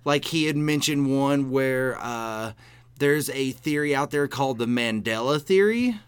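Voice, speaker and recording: A man's voice: medium pitch, animated, a little slow, clear, resonant tone, no room sound. A man co-hosting a podcast, chatting casually, laughing often and swearing now and then. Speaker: podcast co-host.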